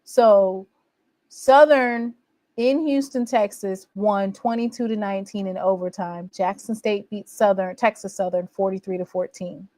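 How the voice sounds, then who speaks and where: A woman recapping her team's college football season in a casual, boastful, teasing way, with animated exclamations. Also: mid-range voice, a little slow, no room sound. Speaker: college football fan vlogger. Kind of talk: casual trash-talking recap.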